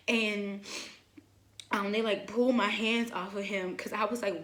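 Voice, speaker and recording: A young woman casually telling a personal story, acting out her own past words with lively asides. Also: mid-range voice, normal speed. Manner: animated, quotes herself in lively asides. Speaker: vlogger. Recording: roomy echo.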